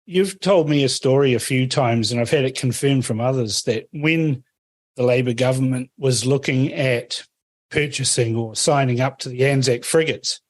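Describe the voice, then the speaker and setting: A man's voice: mid-range voice, no room sound. A man hosting a radio interview, prompting his guest with conversational questions.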